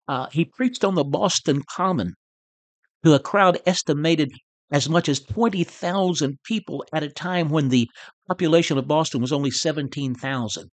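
A man's voice: fairly high pitch, normal speed, no room sound. A man hosting a podcast, teaching church history in an earnest, preacher-like way, often repeating words. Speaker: host.

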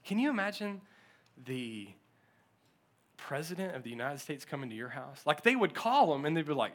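A male pastor preaching a sermon, telling stories with lively acted-out quotes and frequent laughter. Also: fairly high pitch, normal speed. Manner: animated storytelling, acts out quotes, often laughs.

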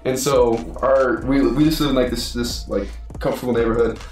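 Faint music plays behind a young man from Utah who plays college football and co-hosts a podcast. Speaking a little fast in a medium-pitched voice, he animatedly tells a story in casual conversation, voicing the people he quotes and laughing often.

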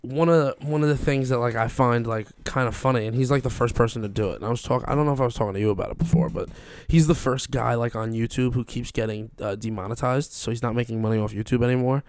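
A man's voice: mid-range voice, fast talker, few pauses, darkish tone, clear, resonant tone, no room sound. A young man chatting casually as a podcast host, rambling and swearing with lots of fillers. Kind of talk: casual chat.

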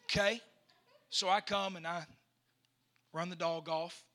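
A man, a pastor telling a story in a sermon that builds into loud preaching. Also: sits high, steady tone, measured pace, soft background music.

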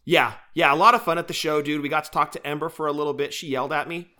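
A man's voice: on the high side, fast talker. A young man co-hosting a casual podcast, chatty and playful as he tells stories. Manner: chatty, playful, animated storyteller. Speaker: podcast co-host. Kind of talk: casual chat.

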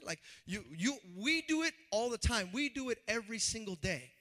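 A man, a pastor, preaching a sermon in an animated, conversational way and acting out the voices he quotes. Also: extremely high pitch, normal speed.

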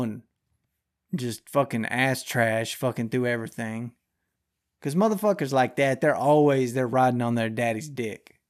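A man's voice: medium pitch, darkish tone. A young man hosting a podcast, ranting through the news with heavy swearing and slangy, drawling speech. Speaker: podcast host. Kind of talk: profane news commentary.

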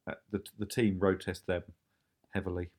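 A man, the creator of a show, chatting casually about making it, quick and often laughing. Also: deep voice, flat delivery, a little mellow. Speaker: show creator talking about his series. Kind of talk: casual podcast chat.

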